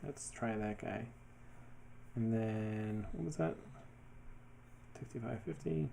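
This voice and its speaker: Guy with a lowish voice chatting through his design work, laid back, lots of ums, bit of background hiss. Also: takes it slowly, creaky. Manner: thinking aloud, relaxed, many fillers. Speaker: web developer building his portfolio. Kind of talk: casual screen-share commentary.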